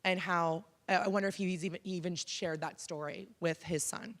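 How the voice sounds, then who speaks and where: A woman's voice: lowish voice, steady tone, moderate pace, fairly bright tone. A woman in her thirties, from Canada, speaking frankly and conversationally to an audience as a keynote speaker, with frequent ums. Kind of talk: personal story talk to an audience. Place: college auditorium.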